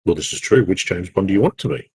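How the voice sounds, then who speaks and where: An Australian man co-hosts a gaming podcast in loose, rambling chat, often stopping to correct himself mid-sentence. His voice is husky and sits fairly low. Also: animated, very fast, darkish tone. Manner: rambling, self-correcting, jokey. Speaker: podcast co-host. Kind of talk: casual chat.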